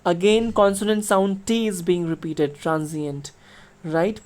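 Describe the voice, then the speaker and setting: A woman's voice: fairly low pitch, fairly even intonation, measured pace, darkish tone. A middle-aged woman teacher explains a poem to her class. She talks patiently, uses many fillers and spells words out letter by letter. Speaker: school teacher.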